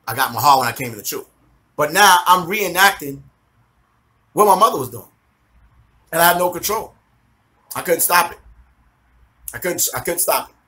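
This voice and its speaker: A man giving a personal testimony to a congregation, telling his story with lively, acted-out quotes. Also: fairly high pitch. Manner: animated storytelling, acting out his own past voices.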